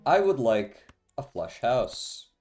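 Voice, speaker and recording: A man's voice: medium pitch, very animated, slow pace, darkish tone, faint music behind. A young man streaming a card game, giving dry, sarcastic commentary and swearing freely. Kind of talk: casual gameplay commentary.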